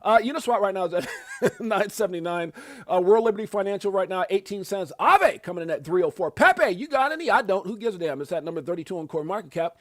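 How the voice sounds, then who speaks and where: A middle-aged man from Brooklyn hosting a live crypto market show, talking in excitable bursts with slang and lots of repeats. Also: sits high, quick pace, no echo, clean studio sound. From Brooklyn, USA. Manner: excitable, loud bursts of hype, slang, frequent repeats and laughs. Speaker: host.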